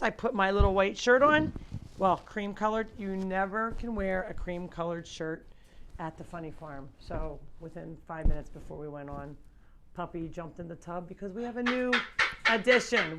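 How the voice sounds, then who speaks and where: A woman's voice: medium pitch, slight background noise. A woman hosting a live farm show, chatting casually and switching into cooing baby talk with the animals, indoors at home on a clip-on mic. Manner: coos and baby-talks to animals; chatty, rambling explanations. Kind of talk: casual live-stream chat. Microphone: clip-on microphone.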